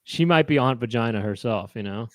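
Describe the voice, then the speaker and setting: A man co-hosting a comedy chat show, talking in a loose, joking way and dropping into silly put-on voices. His voice has a medium pitch. It is recorded close and dry, with no room sound. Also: lively intonation, fairly quick, dry recording. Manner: playful, slips into mock voices. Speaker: co-host.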